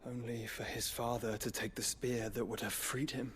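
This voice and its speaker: A man's voice: medium pitch, little pitch movement, normal speed, a little hiss or hum, close to an everyday voice. A man playing a grave, formal young nobleman. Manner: formal, old-fashioned phrasing. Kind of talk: video game dialogue. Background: game music.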